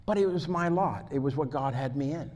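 A man preaching a sermon as pastor, telling stories that build from quiet to loud and excited, laughing along the way. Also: on the high side, brisk. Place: church hall. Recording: long hall reverb.

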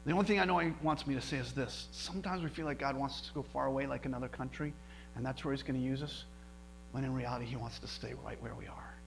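A middle-aged male pastor telling a personal story in a sermon, animated, with many restarts. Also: medium pitch, fast, creaky, slight background noise, low-quality recording. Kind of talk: sermon testimony.

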